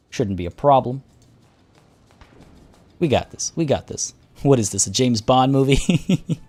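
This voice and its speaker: A male streamer chatting casually through a strategy game and talking to his units as he goes. His voice is dark and mellow at a middle pitch, with faint music under it. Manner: relaxed, chatty, talks to units. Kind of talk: casual gameplay commentary.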